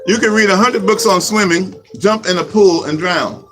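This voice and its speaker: A man giving a slow, repetitive spiritual teaching talk as a Reiki teacher. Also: high-pitched, background noise. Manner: slow, repetitive, chant-like phrasing. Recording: music playing behind.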